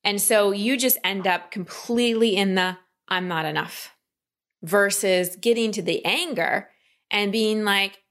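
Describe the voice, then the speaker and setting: A woman's voice: mid-range voice, measured pace, fairly bright tone. Woman coaching, acting out inner voices. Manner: earnest, acts out quoted inner voices. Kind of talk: coaching session.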